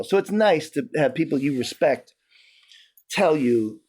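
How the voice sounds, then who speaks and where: A man being interviewed, telling stories in a loose, profane, animated way, with lots of restarts and "like". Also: a little high, measured pace. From New York. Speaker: interview guest. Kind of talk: casual storytelling.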